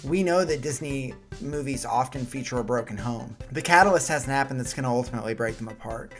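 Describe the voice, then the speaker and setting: Low-voiced woman, mock-serious. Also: fairly quick, soft background music. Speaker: panelist. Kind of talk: comedic movie chat.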